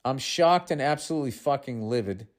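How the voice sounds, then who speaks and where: With a medium-pitched voice, lively intonation and a brisk pace, a Boston-accented man in his fifties hosts a podcast. He works through a listener's letter aloud, interrupting it with sarcastic, fed-up asides.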